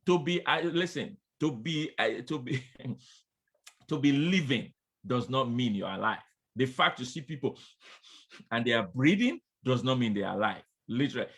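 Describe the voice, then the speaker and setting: A man's voice: medium pitch, big pitch swings, measured pace, a bit bright, husky. A man preaching a sermon, speaking straight to his listeners as friends, repeating refrains and urging them on. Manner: emphatic, repeats refrains, calls out "come on, somebody"; addresses listeners directly as friends.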